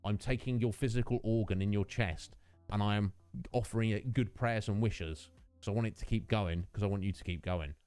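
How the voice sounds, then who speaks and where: A man's voice: lowish voice, brisk, darkish tone, clean tone, faint music behind. A British man in his thirties, a full-time streamer chatting casually and laughing with his viewers. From United Kingdom.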